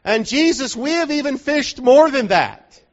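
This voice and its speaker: A man's voice: extremely high pitch, animated, exaggerated voice. A man acting out a weary, exasperated fisherman complaining after working all night, in a dull lo-fi recording. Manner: complaining, drawn-out and pleading.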